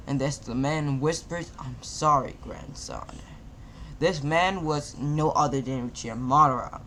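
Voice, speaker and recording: Slow, bright-voiced man telling fan fiction. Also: fairly high pitch, a little hiss or hum. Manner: stumbling, restarts and repeats words. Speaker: storyteller. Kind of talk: casual fan-fiction narration.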